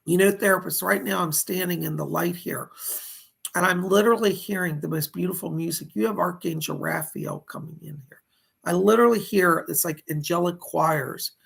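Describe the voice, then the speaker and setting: A man hosting live psychic readings. He relays spirit messages with a steady "he said", and he reads viewer donations aloud and thanks each viewer. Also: sits high, moderate pace, gravelly, slightly rough. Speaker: psychic medium host.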